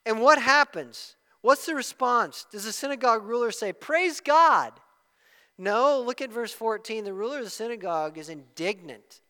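Man, pastor preaching, bright voice, emphatic, shifts from soft to loud, long hall reverb. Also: high-pitched, animated, normal speed, few pauses. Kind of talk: sermon.

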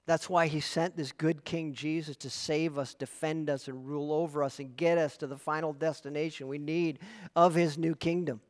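A man's voice: on the high side, fairly even intonation, moderate pace. A man preaching a sermon as pastor. He speaks earnestly and emphatically and tells stories to his congregation. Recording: long hall reverb.

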